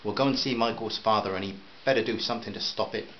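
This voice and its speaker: A man doing a furious sharp-tongued mother. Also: on the low side, fast, highs cut off, a little hiss or hum, lightly acted. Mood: angry. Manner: snapping, raised voice.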